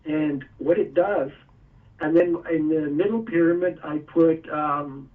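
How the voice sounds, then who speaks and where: A man's voice: fairly high pitch, a little slow, far from the mic, phone-quality sound. A man being interviewed, explaining step by step with a few chuckles. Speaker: guest, energy tool maker. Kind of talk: casual interview.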